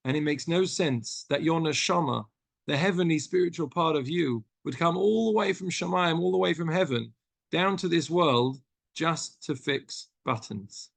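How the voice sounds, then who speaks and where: A British man voicing a gentle, patient old sage in a story he tells during a class. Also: on the high side, moderate pace, creaky, dry recording. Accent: British English.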